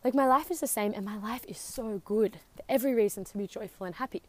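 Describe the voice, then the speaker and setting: A young woman hosts a casual faith podcast, rambling chattily and using plenty of fillers. She talks fast in a medium-pitched voice and sounds out of breath from walking outside on her driveway, with no room sound.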